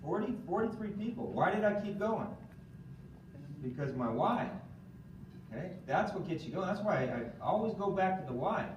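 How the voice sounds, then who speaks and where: A man with a somewhat high voice leads an animated training talk, firing questions at his audience and checking in with "okay?". He sounds far from the microphone, with roomy echo and clear background noise. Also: moderate pace. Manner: animated, quizzes the audience, keeps asking "okay?". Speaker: seminar speaker. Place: room with a live audience. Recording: echoey room from far off.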